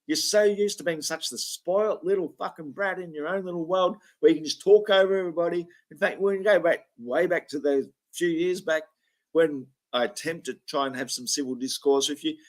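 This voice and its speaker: A man's voice: a little high, brisk. A man hosting a reaction commentary, ranting angrily with lots of swearing and mocking. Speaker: commentary video host.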